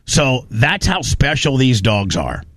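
A man's voice: mid-range voice, very animated, takes it slowly, heavy background noise. A man hosting a casual chat, reacting to videos and retelling stories with lots of restarts. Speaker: host.

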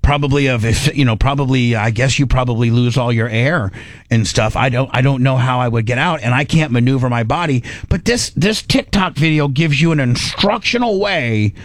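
A man's voice: mid-range voice, normal speed, dry recording. Middle-aged man, radio host, casual chat, acts out his inner voice, dry close sound.

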